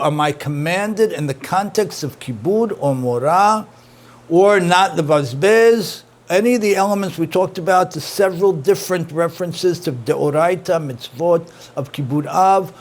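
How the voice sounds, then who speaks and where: A middle-aged man with a voice on the high side, a rabbi, leads an interactive class. He repeats his points and praises his students' answers.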